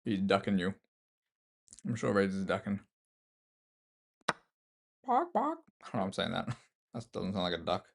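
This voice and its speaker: Streaming chess live, an Australian-accented man with a low, steady voice and vocal fry talks a little fast, pausing often. He mumbles his thoughts and chats with viewers between moves, casually and self-deprecatingly.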